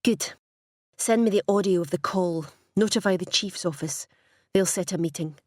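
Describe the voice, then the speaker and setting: A woman's voice: on the low side, normal speed, a little mellow, dry recording, clean studio sound, lightly acted. A woman voicing a brusque female police detective who gives short, commanding orders. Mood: curt. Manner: curt, commanding.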